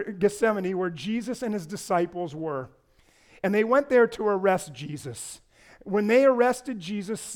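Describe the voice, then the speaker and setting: A pastor delivers a sermon, his voice climbing to loud, fervent lines before sinking low again. He tosses playful asides to the congregation along the way.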